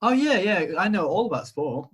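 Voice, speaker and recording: A husky man retells an old legend on a video-call podcast, with a voice pitched a touch high. He rambles, hesitates and jokes at his own expense as he goes. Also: big pitch swings, moderate pace. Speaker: podcast co-host retelling a myth. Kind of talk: casual storytelling chat. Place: home, remote call.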